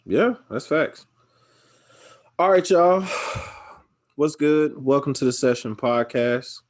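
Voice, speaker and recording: A man's voice: medium pitch, slow. A young man from Georgia, hosting a podcast, who tells stories casually and acts out other people's voices. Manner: animated storytelling, acts out his mom's voice. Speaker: podcast host. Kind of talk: casual chat.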